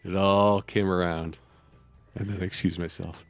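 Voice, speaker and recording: A man's voice: low-pitched, level tone, normal speed, dry recording, faint music behind. A man chatting casually on a live stream, rambling and joking and laughing often. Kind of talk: casual chat.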